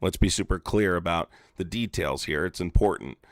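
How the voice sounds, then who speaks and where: A man's voice: sits low, normal speed, no echo, clean studio sound. A man hosting a call-in political debate, pressing and insistent as he argues. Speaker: political streamer and activist.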